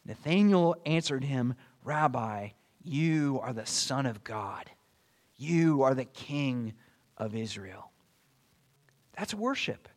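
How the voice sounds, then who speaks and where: A man preaching a sermon as a pastor, earnest, asking rhetorical questions and building to bursts of emphasis. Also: mid-range voice.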